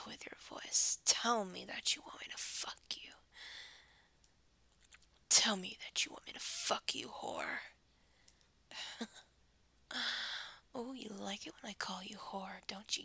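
A woman in a whispered role-play, speaking in a breathy, dominant and teasing way, giving commands. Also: mid-range voice, sharp tone, no echo. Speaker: audio role-play performer.

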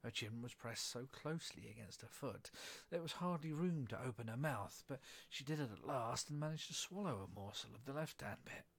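Male narrator, husky, measured storybook reading. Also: medium pitch, expressive. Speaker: reader.

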